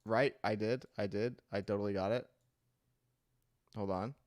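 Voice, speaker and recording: A man's voice: on the low side, fairly even intonation, moderate pace, darkish tone. A young man chatting casually on a live stream as he edits his video, laughing often, swearing and teasing himself when he slips up. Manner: laughs often, swears, flustered and self-mocking.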